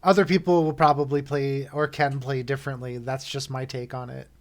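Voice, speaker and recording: A man acting as game master for an online tabletop game, unhurried and rambling, often correcting himself. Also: mid-range voice, little pitch movement. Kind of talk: narrating a tabletop game over a call.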